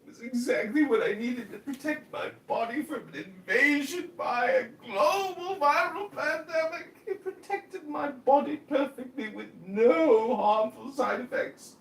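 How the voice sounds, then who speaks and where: A shrill, pompous English vaccine defender. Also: male voice, unhurried, hardly any pauses, a bit bright, heavily acted. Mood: indignant whine. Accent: put-on English. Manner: whiny, pompous, outraged. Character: shrill indignant man defending his vaccine. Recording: echoey room, distant mic, faint noise.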